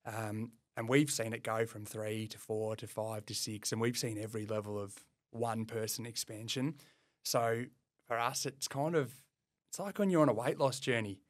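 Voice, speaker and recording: A man with an Australian accent in casual podcast chat, relaxed and self-deprecating, rambling with restarts. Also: fairly low pitch, moderate pace, dry recording, studio quality. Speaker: podcast co-host, plumbing business owner.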